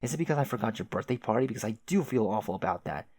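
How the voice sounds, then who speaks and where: A man's voice: lowish voice, lively intonation, very fast, a little mellow, no echo. A man voicing a chatty, oblivious young male adventurer who rambles with old-fashioned folksy exclamations. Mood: confused.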